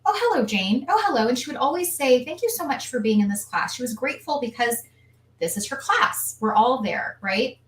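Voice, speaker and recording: A woman hosting a casual live stream, lively, reading viewer comments aloud. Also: a little high, moderate pace. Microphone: video call. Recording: echoey room, distant from mic.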